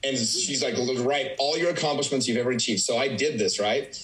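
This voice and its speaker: Fast-talking young man telling stories. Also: mid-range voice, a bit bright, rough recording. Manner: rambling, heavy use of "like". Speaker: podcast guest, real estate agent. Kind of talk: casual conversational storytelling.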